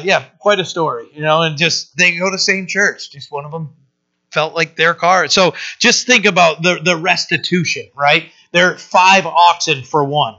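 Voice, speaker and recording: A man's voice: fairly high pitch, pushed and bright. A man teaching a Bible passage in a casual, conversational way, often checking in with "right?". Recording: dull lo-fi sermon recording.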